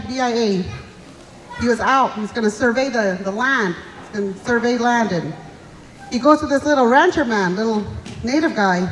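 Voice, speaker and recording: High-voiced woman doing live stand-up. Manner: folksy, chatty, teasing the audience. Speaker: stand-up comedian and emcee. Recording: live show in a reverberant hall with audience.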